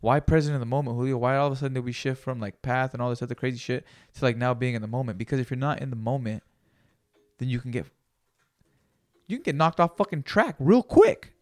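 A man's voice: mid-range voice, flat delivery, quick pace, dry recording, clean studio sound. A man hosting a solo podcast, talking in a casual, rambling, profane and motivational way. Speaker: podcast host.

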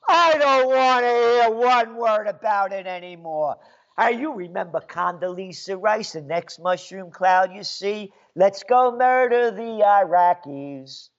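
A man's voice: high-pitched, animated, measured pace, a bit bright, lo-fi sound. A man delivering an angry, sarcastic political rant as a commentator. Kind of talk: ranting monologue.

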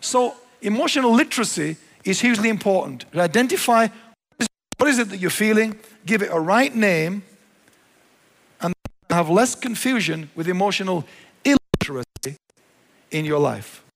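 A pastor preaching a sermon, animated, dropping to quiet low asides and then rising to emphatic lines. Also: male voice, normal speed, vocal fry. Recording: long hall reverb.

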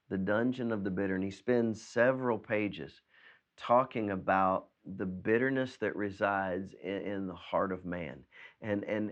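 A man with a lowish voice delivers an earnest sermon as pastor, doubling back on words as he drives home each point. The video recording sounds dull and lo-fi. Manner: earnest, repeats words when stressing a point. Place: preached by video from home during quarantine.

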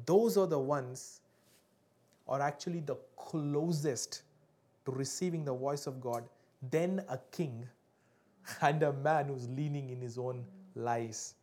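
A man, preaching a sermon to a congregation, swinging between loud emphatic peaks and quiet drops and often asking his listeners to respond. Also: mid-range voice, slow pace. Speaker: pastor.

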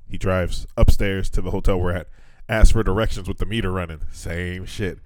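A man's voice: deep voice, fairly even intonation, brisk, few pauses, no echo. A man in his thirties co-hosting a casual podcast, swearing freely and acting out what people said. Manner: profane storyteller, acts out quoted voices. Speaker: podcast co-host. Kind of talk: casual chat. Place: lives in Fukuoka, Japan.

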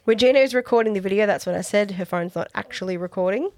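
An Australian woman co-hosting a podcast, chatting casually with quick asides and laughs. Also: mid-range voice, a little mellow. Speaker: podcast co-host. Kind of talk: casual chat.

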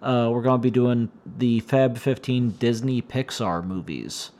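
A man hosting a solo podcast, his voice slightly hoarse and shaky, rambling and wryly complaining as he talks. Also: mid-range voice, unhurried, a little mellow. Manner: meandering, self-interrupting, wry complaints. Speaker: podcast host.

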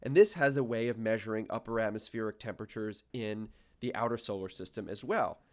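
Fairly low-pitched and brisk, this twentysomething podcast co-host is a grad student in planetary science. He describes his research casually, with a wry and self-deprecating touch.

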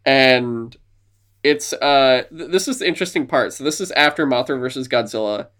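A man's voice: mid-range voice, normal speed, a bit bright. Male podcast co-host, casual chat, eager storyteller with playful bits of voice acting. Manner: enthusiastic retelling of movie scenes, slipping into silly voices.

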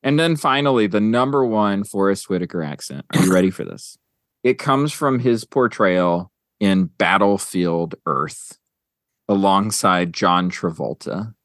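A man's voice: deep voice, lively intonation, a little slow, dry recording, clean studio sound. A man hosting a podcast in casual chat, rambling with lots of fillers as he counts down a list. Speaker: podcast host.

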